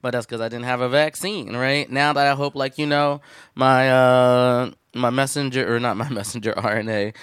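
A man's voice: mid-range voice, steady tone, normal speed, a bit bright, smooth, dry recording, studio quality. A young adult man co-hosting a casual podcast chat, talking in a heated, profane rant full of fillers. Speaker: podcast co-host.

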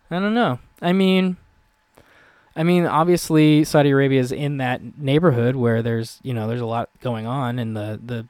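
Male podcast co-host, mid-pitched, casual and rambling, swears a lot, dry close sound. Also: darkish tone, no room sound. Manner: rambling, profane, laughs often. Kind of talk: casual chat.

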